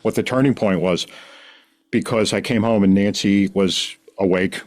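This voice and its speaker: A middle-aged man tells his story on a podcast in a somewhat low voice. He talks in animated bursts, backing up and restarting his sentences as he goes. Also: moderate pace. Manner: rambling, animated, frequent restarts. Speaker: guest. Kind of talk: casual storytelling.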